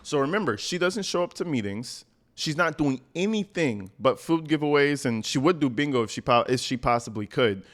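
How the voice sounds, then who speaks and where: A man riffing on a news clip in casual slang. He stays emphatic and animated, and his voice sits at an ordinary middle pitch. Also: normal speed. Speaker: commentary YouTuber. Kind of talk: casual video commentary.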